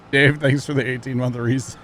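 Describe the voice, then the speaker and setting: A man livestreaming a farming game, chatting casually with viewers and teammates, thanking them between quick exclamations. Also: mid-range voice, fairly bright tone, a little hiss or hum. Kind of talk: casual gaming livestream chat.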